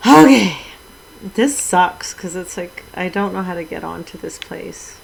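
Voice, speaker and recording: A middle-aged woman Twitch streamer chats casually with her viewers while playing a video game, letting out mild minced oaths along the way. Her voice sits on the low side, animated yet measured in pace, with vocal fry. The recording is rough.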